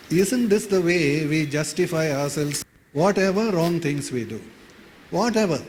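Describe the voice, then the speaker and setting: A man with an Indian English accent preaches in a plain, conversational way, repeating his key phrases. His voice sits a little high for a man. It rings with a long reverb in the church hall, with a faint hiss underneath. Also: animated, unhurried, darkish tone. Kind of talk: sermon.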